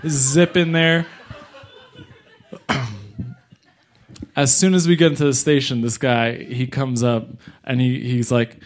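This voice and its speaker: A young man from New York City telling a comic story live, animated and jumping into voices of the people in it. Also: medium pitch, takes it slowly, pauses often. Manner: animated, acts out other people's lines.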